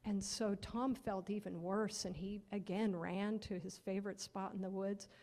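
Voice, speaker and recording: Gravelly woman telling a children's story. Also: mid-range voice, steady tone, moderate pace, darkish tone, big-room sound. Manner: questioning the children, dropping to near-whispers. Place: church.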